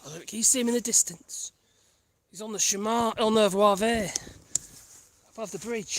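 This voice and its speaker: A man's voice: high voice, fairly quick, pauses often, dry recording. A man chatting casually on a countryside walk with his dogs, rambling and wry and easily sidetracked, recorded outdoors on a small phone mic. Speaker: vlogger. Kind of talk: casual chat while walking dogs.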